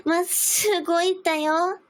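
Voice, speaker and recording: A woman's voice: very high voice, little pitch movement, a little fast, voice pushed up. A woman putting on a playful, cutesy anime girl voice with a sing-song, exaggerated sweetness.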